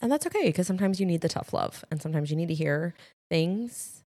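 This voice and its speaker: A woman co-hosting a podcast, chatting casually and telling lively family stories. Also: lowish voice, a little fast, dry recording, studio quality. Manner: animated storyteller acting out family moments. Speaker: podcast co-host. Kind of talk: casual chat.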